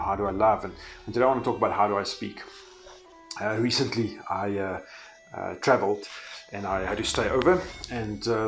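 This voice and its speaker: Earnest man, devotional talk. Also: lowish voice. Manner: earnest, storytelling, conversational. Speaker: faith-based speaker.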